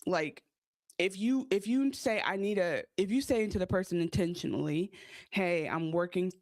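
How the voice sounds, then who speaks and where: A woman co-hosting a casual podcast who thinks out loud and explains her views carefully, using therapy terms. Her voice sits in the middle range. The recording is dry, with no echo. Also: mid-range voice, expressive, normal speed. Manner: reflective, explains ideas at length in therapy language. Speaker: podcast co-host. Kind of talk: casual recap chat.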